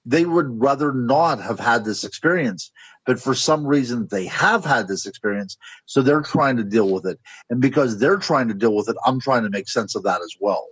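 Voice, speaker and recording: A man's voice: mid-range voice, expressive, normal speed, breathy edge, no room sound, muffled recording. A man from the United States, a guest on a radio interview, musing and speculating as he searches for words. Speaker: guest author and paranormal researcher.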